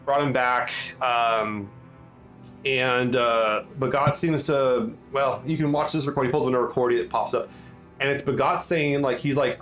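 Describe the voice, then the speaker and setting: A man narrating a tabletop game as game master, with many ums and halting restarts. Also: medium pitch, a bit bright, poor audio.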